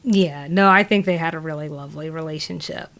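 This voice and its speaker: A woman's voice: deep voice, a little fast, fairly bright tone. A woman with a Southern US accent co-hosting a casual podcast chat, rambling with lots of fillers and laughs. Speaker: podcast co-host.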